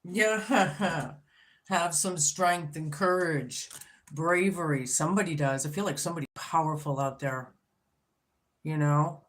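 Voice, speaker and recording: Blunt, profane woman reading tarot slowly. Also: low voice. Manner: blunt and profane, swears freely; talks to herself while laying cards. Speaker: tarot reader. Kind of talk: casual tarot reading vlog.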